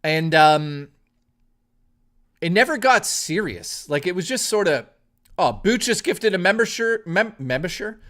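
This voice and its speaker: A man's voice: high-pitched, expressive, a little slow, fairly bright tone. A young man on a live stream telling a crude, rambling personal story full of filler words, and breaking off to thank viewers. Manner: stops mid-story to thank viewers for memberships.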